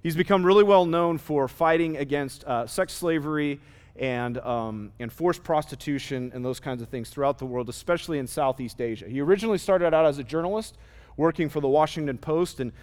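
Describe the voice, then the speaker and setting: A man preaching a sermon, earnest and plain, often pausing on fillers and restarting his sentences. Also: a little high, darkish tone, clear, resonant tone. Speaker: pastor. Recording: long reverb of a hall.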